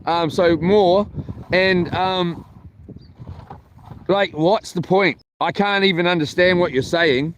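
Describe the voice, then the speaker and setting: A man's voice: sits high, takes it slowly, long pauses, slight background noise. A man telling a meandering story for his camping vlog, full of ums and restarts. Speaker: vlogger. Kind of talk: rambling casual storytelling. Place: camping, near a boat on water.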